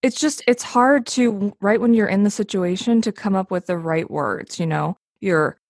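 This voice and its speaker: Husky woman host asking questions. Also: medium pitch, moderate pace, darkish tone, dry recording, clean studio sound. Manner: conversational, asks the guest questions. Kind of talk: casual chat.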